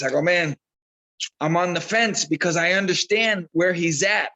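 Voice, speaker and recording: Man, boxing trainer, slightly high voice, chatty storyteller who repeats himself. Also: normal speed, rough recording. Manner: animated storyteller, repeats himself, acts out quotes. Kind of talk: casual interview talk.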